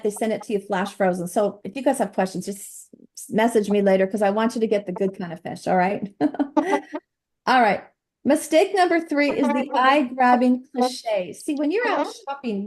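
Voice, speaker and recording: A middle-aged woman giving a chatty, animated nutrition presentation over slides, laughing often. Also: a little high.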